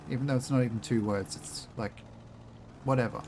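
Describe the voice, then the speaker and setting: Over a slight hiss or hum, a young Australian man with a medium-pitched voice talks fairly quickly while playing a game on stream. He chats loosely with his viewers, joking, swearing freely, and laughing often.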